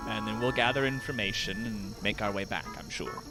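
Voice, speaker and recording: A man voicing a steady, practical older brother who speaks calmly and matter-of-factly. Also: fairly low pitch, brisk, music in the background, voice pushed down, close to an everyday voice.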